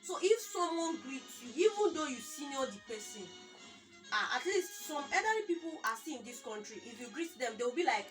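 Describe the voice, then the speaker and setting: A woman's voice: high voice, fairly quick. A young Nigerian woman with a Nigerian accent, chatting casually as co-host and telling stories animatedly, taking on other people's voices. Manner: animated storyteller acting out quoted people. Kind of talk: casual chat. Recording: far from the mic, with music behind.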